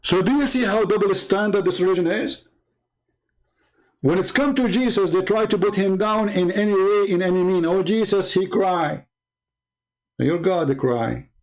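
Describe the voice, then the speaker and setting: High-pitched guy ranting on his stream, broken english, pushy. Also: normal speed, poor audio. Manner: emphatic, broken English grammar. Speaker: live-stream host. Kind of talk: polemical debate talk.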